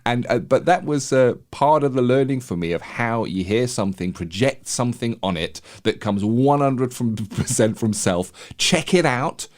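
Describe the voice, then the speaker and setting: A man's voice: mid-range voice, lively intonation, moderate pace, few pauses. A middle-aged man who grew up in South Africa, co-hosting a counselling podcast and telling stories reflectively with frequent laughs. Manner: reflective storyteller, laughs often. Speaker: podcast co-host. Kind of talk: casual chat.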